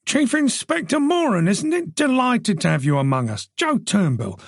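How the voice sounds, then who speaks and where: Casting: a brisk, jovial party host, voiced by a man, raised and husky. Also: high-pitched, very animated, no echo, clean studio sound, pitched above the performer's own voice, exaggerated voice. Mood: hearty. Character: hearty, sociable middle-aged male host.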